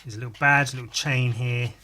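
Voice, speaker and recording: A man hosts his podcast while drawing, chatting casually as he works. His voice is bright and clear, and he wanders between muttered asides and crude, jokey remarks. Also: mid-range voice, steady tone, quick pace, a little hiss or hum. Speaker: podcast host drawing live.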